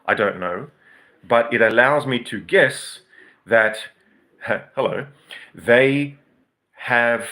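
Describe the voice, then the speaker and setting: A man's voice: medium pitch, pushed and bright. A man hosting an unscripted, reflective monologue, explaining things in a rambling, professorial way with asides. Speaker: podcast host.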